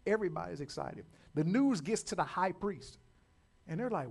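A man preaching a sermon, repeating words and building to loud calls to his listeners. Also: sits high, animated, moderate pace, gravelly, breathy edge. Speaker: pastor.

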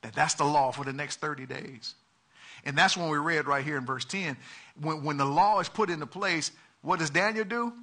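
A man preaching an animated sermon, repeating words and acting out characters, building to loud emphatic peaks. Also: a little high, normal speed.

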